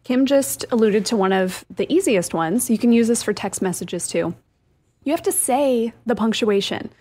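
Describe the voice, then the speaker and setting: A woman's voice: fairly high pitch, lively intonation, normal speed, warm tone. Upbeat woman co-host explaining. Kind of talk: casual radio show chat.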